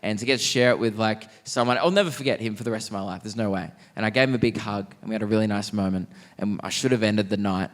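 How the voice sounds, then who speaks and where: Cheeky young Australian stand-up comic. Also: male voice, on the low side. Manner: quick-witted, cheeky, laughs mid-line. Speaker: stand-up comedian. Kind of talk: stand-up comedy set. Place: large theatre stage, live audience.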